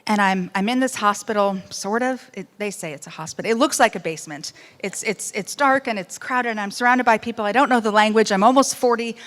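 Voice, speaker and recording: A woman speaks about her life in an emotional first-person storytelling speech. Her voice sits at an ordinary middle pitch. She swings from bursts of loudness to near-hushed lines and slips dry humor into serious moments. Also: fairly quick, hardly any pauses. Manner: animated, swings between loud outbursts and hushed moments. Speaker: speaker giving personal testimony.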